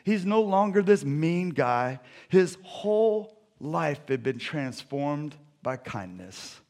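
A male pastor delivering a sermon in a fairly high voice. He moves between lively, playful storytelling and soft, intimate appeals to his listeners. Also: takes it slowly. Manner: animated storytelling that drops to soft, hushed appeals.

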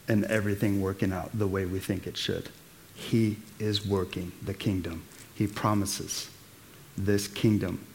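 A man's voice: lowish voice, slight background noise. A man preaching a sermon as pastor, in a casual, slangy way, rallying the congregation. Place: church.

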